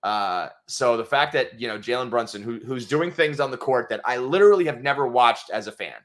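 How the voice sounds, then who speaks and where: New guy on a sports podcast, gets loud and excited, swears a lot. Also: mid-range voice, fairly quick. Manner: animated, swears freely, voices quotes loudly. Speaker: podcast co-host. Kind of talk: casual sports chat.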